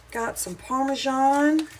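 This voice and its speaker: A woman's voice: high voice, background noise. A middle-aged woman with a Southern American accent, chatting with viewers on a casual cooking livestream, homey and rambling, a little wheezy from hay fever. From Southern United States. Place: home kitchen.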